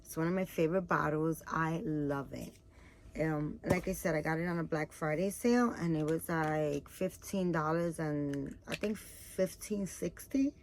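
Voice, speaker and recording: A tired woman talks casually to her viewers, rambling with plenty of fillers. Her voice sits a little low, and a faint room ambience hums behind her. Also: measured pace, slight background noise. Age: adult, has a daughter. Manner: chatty, rambling, many fillers. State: tired, yawning. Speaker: vlogger showing baby doll items. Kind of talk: casual chat to camera.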